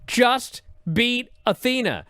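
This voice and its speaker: A man's voice: extremely high pitch, sing-song, slow, sharp tone, smooth, dry recording, studio quality. A man co-hosting a wrestling podcast who argues his point insistently. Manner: insistent, arguing. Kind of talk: podcast argument.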